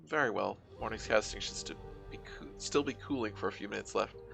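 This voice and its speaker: A man reading the lines of a cultured, courteous drone engineer in a calm, formal way. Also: on the low side, gravelly, music in the background. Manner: polite, measured, formal phrasing.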